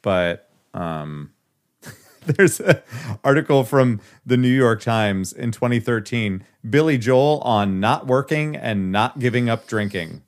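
A man's voice: medium pitch, animated, takes it slowly. A man co-hosting a casual podcast, reading a news article aloud and breaking off for wry asides. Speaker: podcast co-host.

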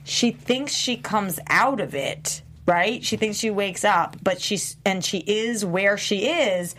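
A woman's voice: mid-range voice, takes it slowly, fairly bright tone, slight background noise. A woman hosting a casual discussion podcast, leading the talk and asking her co-hosts questions. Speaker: podcast host.

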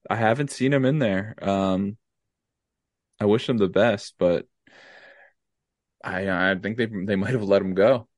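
A man's voice: on the low side, unhurried, long pauses, a little mellow, no echo, clean studio sound. A young man co-hosting a podcast, laid-back and rambling with lots of fillers in casual chat. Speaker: podcast co-host.

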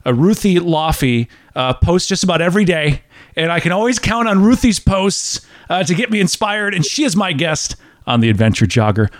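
A man's voice: high-pitched, normal speed, no room sound, clean studio sound. A man hosting a running podcast, chatty and enthusiastic. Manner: enthusiastic, lively, chatty with restarts. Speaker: podcast host. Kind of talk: casual interview chat.

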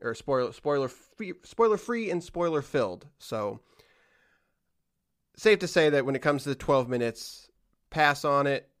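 A man's voice: on the high side, expressive, unhurried, fairly bright tone, clear, resonant tone. Rambling man hosting a casual podcast. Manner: rambling, with frequent restarts and trailing-off asides. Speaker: podcast host.

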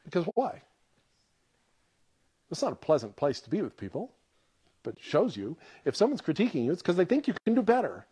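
Animated male preacher, fairly high voice. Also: fairly quick, pauses often, breathy edge. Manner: animated storyteller, acts out quotes in a rising voice. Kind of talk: sermon.

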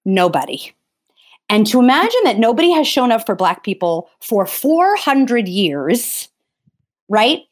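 A slightly high-voiced woman in midlife speaks in a sincere conversational discussion. She presses her points with emphasis and often restarts or repeats words as she searches for the right phrasing. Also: very animated, unhurried. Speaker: theatre vocal coach.

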